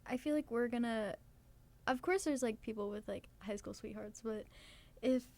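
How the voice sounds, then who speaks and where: A teenage girl from New Jersey co-hosting a podcast, laid-back and giggly, with halting filler-heavy speech. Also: on the high side, warm tone. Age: teens. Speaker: podcast co-host. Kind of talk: casual chat.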